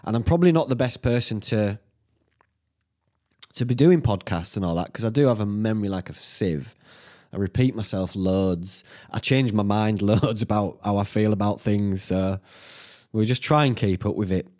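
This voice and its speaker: Rambling Northern English man, low voice. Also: normal speed. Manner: thinking out loud, sweary, self-mocking. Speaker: podcast host. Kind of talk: rambling solo podcast chat.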